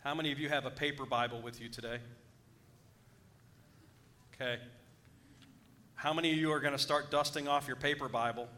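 A man's voice: mid-range voice, fairly even intonation, fairly quick, long pauses, pushed and bright. A man preaching a sermon, emphatic and often checking in with his congregation. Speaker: pastor.

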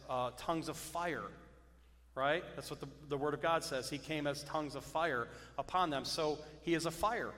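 A man's voice: on the high side, fairly bright tone, big-room sound. A man preaching a sermon as pastor, repeating key phrases and checking in with his congregation with "Amen?" and "okay?". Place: church sanctuary.

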